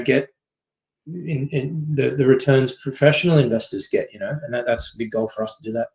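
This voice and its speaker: Casual man giving a quick slide talk. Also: medium pitch, poor audio. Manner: quick, loose, filler-heavy, keeps asking "right?". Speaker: company CEO giving a masterclass.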